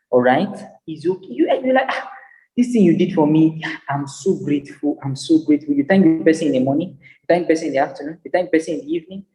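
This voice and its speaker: A man lectures with an emphatic, repetitive, preacher-like cadence. His voice sits fairly high but sounds dark and mellow in tone. The sound rings with a long reverb, as in a big hall. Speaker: business psychologist and speaker. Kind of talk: motivational lecture.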